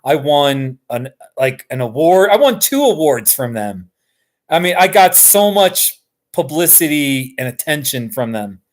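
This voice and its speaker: Brief: American male streamer, slightly high voice, relaxed slow chat, easily excited. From Colorado, USA. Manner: chatty and excitable, chuckling often. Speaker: YouTuber hosting a live stream. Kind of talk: casual live-stream chat.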